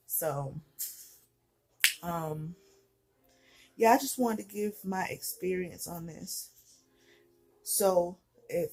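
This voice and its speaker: A heavily pregnant young woman, out of breath, telling a personal story in a chatty, candid way full of fillers. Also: low voice. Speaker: vlogger.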